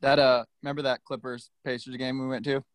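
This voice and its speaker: A man's voice: medium pitch, level tone, a little fast, dry recording. A man co-hosting a casual sports podcast, ranting blunt hot takes with heavy swearing. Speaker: podcast co-host.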